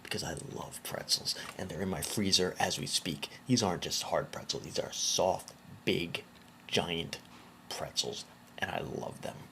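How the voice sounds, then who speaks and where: A man's voice: deep voice, measured pace, creaky, fairly bright tone, a little hiss or hum. A man hosting a casual commentary video, talking in a sarcastic, incredulous way.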